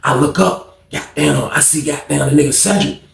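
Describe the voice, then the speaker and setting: Gravelly man telling a storytime tale. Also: a little high, moderate pace. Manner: animated, profane street storytelling. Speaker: channel host. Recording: echoey room.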